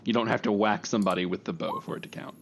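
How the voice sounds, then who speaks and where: A man's voice: fairly low pitch, quick pace, slight background noise. A man running a tabletop game as game master, joking and rambling between rules answers. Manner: joking, rambling, laughs often.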